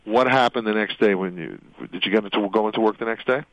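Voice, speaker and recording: Rambling low-voiced man leading an interview. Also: quick pace, fairly bright tone, no echo. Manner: rambling, leading questions ending in "right?". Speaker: radio host and attorney questioning his guest. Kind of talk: radio interview. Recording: dull radio audio.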